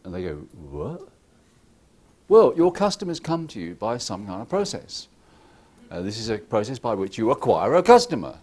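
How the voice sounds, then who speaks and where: A man giving a lively, irreverent conference talk, joking with the audience and acting out what clients say. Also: mid-range voice, a little fast. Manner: acts out clients' lines in quoted voices. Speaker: conference speaker. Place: conference hall.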